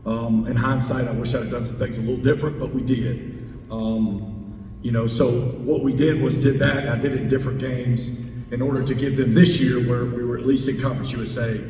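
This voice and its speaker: Emphatic coach in a roomy hall. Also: male voice, little pitch movement, moderate pace, warm tone. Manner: emphatic, repeats key words. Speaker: college football head coach. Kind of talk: club talk with audience Q&A. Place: large meeting hall indoors. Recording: roomy hall, distant mic, faint rumble.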